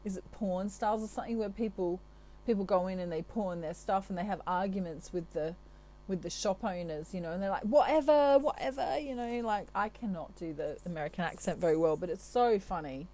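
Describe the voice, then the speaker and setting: A woman from Australia talks through a channelled tarot reading with a low, mellow voice. She sounds chatty and reassuring and keeps adding little asides to the listener. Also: brisk, hardly any pauses, poor audio. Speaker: tarot reader.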